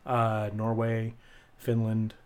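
A man's voice: on the low side, completely flat delivery, slow pace, a little mellow, clear, resonant tone. A man co-hosting a podcast, chatting casually with a profane, joking, rambling manner. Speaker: podcast co-host.

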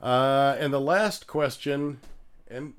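Man, podcast co-host, casual, reads listener mail, hesitant, many uh fillers, average pitch. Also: takes it slowly, smooth.

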